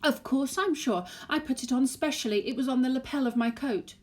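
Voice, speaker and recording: A woman reading aloud puts on a scheming old grandmother who feigns innocence. Her voice rises high and lilting, every line sugared and insinuating. It is a storybook read-aloud voice. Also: fairly quick, darkish tone, natural voice. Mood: sly sweet. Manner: sweetly insinuating, sing-song.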